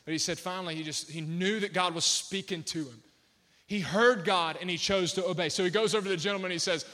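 A man's voice: fairly high pitch, fast, pushed and bright. A male pastor preaching a sermon to a large church crowd, passionate and building to emphatic peaks.

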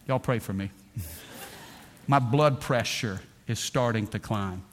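A middle-aged man preaching a sermon in a church. He tells stories with energy, swings between loud bursts and hushed lines, and calls out to the congregation. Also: mid-range voice. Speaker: pastor.

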